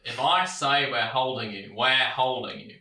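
A smug, folksy small-town sheriff, played by a man speaks in a piercingly bright, sharp-edged voice. He is patronizing and sing-song, ending his lines with little tag questions. The voice sits in a roomy, echoing space. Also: mid-range voice, measured pace. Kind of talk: audio drama acting.

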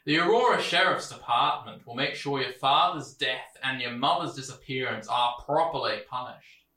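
A smug, folksy small-town sheriff, played by a man speaks in a piercingly bright, sharp-edged voice. He is patronizing and sing-song, ending his lines with little tag questions. The voice sits in a roomy, echoing space. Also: medium pitch, normal speed, lightly acted. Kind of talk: audio drama acting.

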